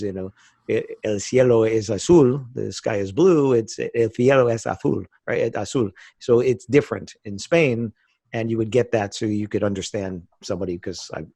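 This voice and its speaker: A man's voice: fairly low pitch, vocal fry, dark tone, husky, dry recording. A middle-aged American man from the United States, a podcast guest chatting casually and telling stories with frequent laughs. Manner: chatty storyteller, laughs often.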